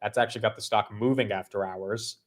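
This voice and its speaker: A man's voice: on the low side, steady tone, brisk. A man hosting a market show, reading headlines and chatting casually. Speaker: host. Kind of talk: market news chat.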